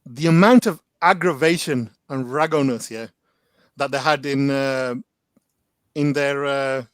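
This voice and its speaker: A man's voice: medium pitch, unhurried, clear, resonant tone, no echo. A man, a guest in a casual chat, telling stories animatedly with lots of slang and filler words. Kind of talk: casual storytelling.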